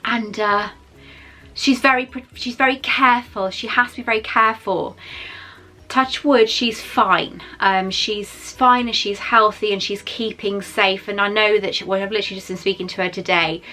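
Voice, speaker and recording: A woman's voice: medium pitch, steady tone, moderate pace, sharp tone. A woman in her forties chatting through an unboxing at home, emotional and wandering into asides. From Wales. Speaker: vlogger. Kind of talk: casual unboxing chat.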